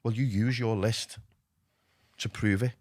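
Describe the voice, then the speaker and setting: A man with a Liverpool accent, speaking bluntly and swearing freely as a podcast guest telling his recovery story in an animated way. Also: on the low side, measured pace, no echo, studio quality. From Liverpool, England. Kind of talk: candid interview talk.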